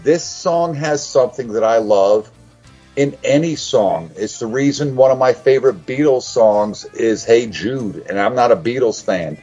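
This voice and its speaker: Man, husky voice, dull lo-fi sound, earnest hesitant review. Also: medium pitch, animated, measured pace, darkish tone, faint music behind. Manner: earnest, hesitant, defends the band. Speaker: podcast co-host. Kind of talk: casual music review chat.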